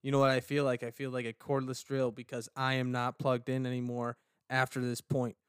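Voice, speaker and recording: A man's voice: mid-range voice, completely flat delivery, a little fast, smooth, no room sound. A man co-hosting a casual podcast, joking and rambling playfully on a close mic. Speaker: podcast co-host.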